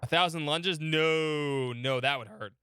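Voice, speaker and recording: A man's voice: a little high, measured pace, very noisy. A man streaming a game, chatting casually, joking and counting along. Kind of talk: casual game livestream commentary.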